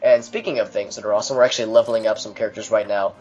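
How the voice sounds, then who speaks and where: A man commentating on his own video game playthrough, explaining mechanics in a steady, mildly dry way. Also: on the low side, rapid-fire, highs cut off, soft background music. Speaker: gameplay commentator. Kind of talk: let's play commentary.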